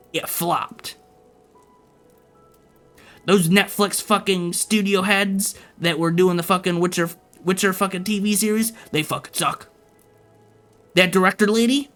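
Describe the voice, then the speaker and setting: A man's voice: high voice, a bit bright. A man livestreaming, ranting casually and profanely to his chat.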